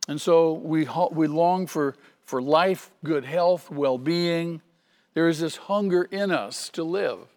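A man's voice: on the high side, slow pace, a little mellow, long reverb tail. A man preaching a sermon as pastor, earnest and emphatic, repeating key phrases for stress.

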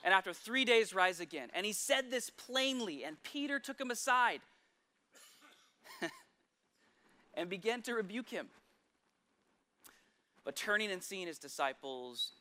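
Bright-voiced high male preacher. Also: lively intonation, a little slow, long pauses. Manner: storytelling, with sudden drops to a hush. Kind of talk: sermon.

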